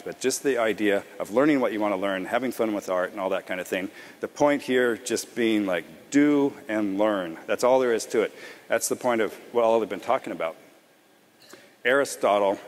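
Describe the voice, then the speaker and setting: A man giving a casual conference talk to designers, relaxed and rambling, often restarting his sentences. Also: fairly low pitch. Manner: relaxed, rambling, self-correcting. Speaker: conference presenter. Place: large conference hall. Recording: long hall reverb.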